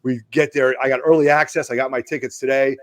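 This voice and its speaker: A man with an East Coast American accent, hosting a casual chat and telling stories in a rambling, animated way full of fillers. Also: medium pitch, quick pace, dry recording. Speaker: host. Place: home studio basement.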